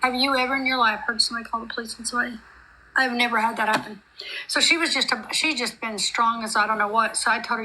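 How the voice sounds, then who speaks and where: A woman's voice: fairly high pitch, fairly even intonation, quick pace, bright, forceful tone, slight background noise, low-quality recording. A middle-aged woman, chatting on a live stream call in a rambling, heartfelt, run-on way. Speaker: guest on a group live stream. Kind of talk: emotional casual chat.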